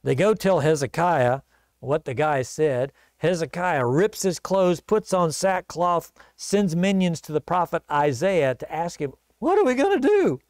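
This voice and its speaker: A man's voice: fairly high pitch, unhurried, no room sound. A man preaching a sermon, retelling a bible story in a casual, conversational way. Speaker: pastor.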